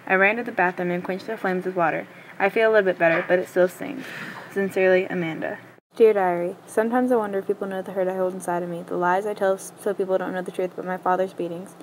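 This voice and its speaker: A woman reading a story aloud in a quick, plain way, with small stumbles now and then. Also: fairly low pitch, a bit bright, a little hiss or hum, poor audio.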